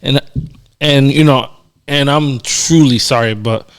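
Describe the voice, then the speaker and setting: A man co-hosting a podcast in casual chat, relaxed and teasing as he tells stories. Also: medium pitch, slow. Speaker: podcast co-host.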